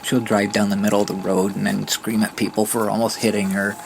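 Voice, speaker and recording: A man's voice: lowish voice, level tone, a little fast, vocal fry. A man who drives a mobility scooter tells a rambling, casual vlog story with frequent restarts. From Southern Ontario, Canada. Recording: loud background ambience noise.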